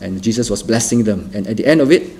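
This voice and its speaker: A middle-aged man tells his testimony in a mellow, warm tone, earnest and often repeating a phrase for weight. He stumbles and restarts now and then, and a faint noise lies under his voice. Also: fairly low pitch, fast talker. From Singapore. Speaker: testimony speaker. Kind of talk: spoken testimony.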